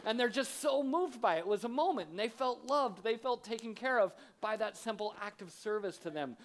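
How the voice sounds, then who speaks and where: A man preaching a sermon to a congregation, telling self-deprecating stories in a conversational, animated way. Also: very high-pitched, fairly quick, slight background noise. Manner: humorous, self-deprecating storytelling. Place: church auditorium with audience.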